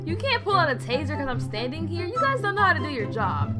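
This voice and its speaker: Young woman, chatty, high and lively role-play narration. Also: fast talker, few pauses, loud music behind the voice. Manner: chatty and exasperated, with slangy asides. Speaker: game role-play creator.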